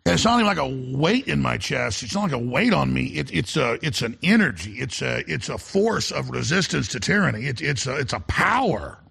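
A man's voice: medium pitch, big pitch swings, fairly quick, hardly any pauses, fairly bright tone. A middle-aged man hosting a talk radio show, speaking in an urgent, intense monologue and often stammering and repeating words as he restarts. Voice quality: gravelly, husky voice.

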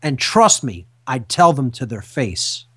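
A man's voice: medium pitch, big pitch swings, unhurried, slightly rough. A man hosting a talk radio show who speaks emphatically, repeating key phrases in a lecturing manner. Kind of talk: impassioned talk radio monologue.

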